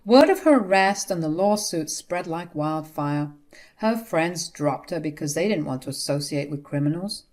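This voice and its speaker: A woman narrating a first-person family drama story in a steady, indignant way. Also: deep voice, moderate pace.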